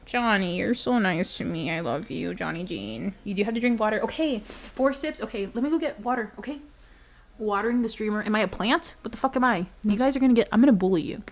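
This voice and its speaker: A woman's voice: mid-range voice, expressive, brisk. Giggly young woman streamer chatting. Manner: giggly, emotional and chatty, talking to chat. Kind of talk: casual chat with stream viewers.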